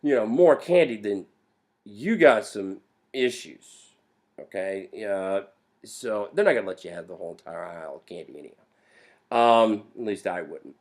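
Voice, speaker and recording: A man giving a lively, playful classroom lecture on history, joking with students in slang. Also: lowish voice, moderate pace. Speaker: history teacher.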